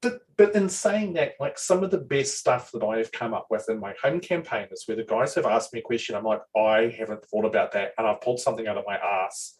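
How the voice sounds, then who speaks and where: A man's voice: mid-range voice, fast, few pauses, recorded from a distance, poor audio. Rambling man, heard from afar. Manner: rambling, animated, swears freely, many restarts. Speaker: dungeon master. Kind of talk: casual chat.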